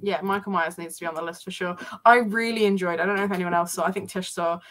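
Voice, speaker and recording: A woman co-hosting a casual online film chat, chatty and quick to laugh. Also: fairly low pitch, fairly even intonation, fairly bright tone, slight background noise. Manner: chatty, laughs often, acts out quotes. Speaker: co-host.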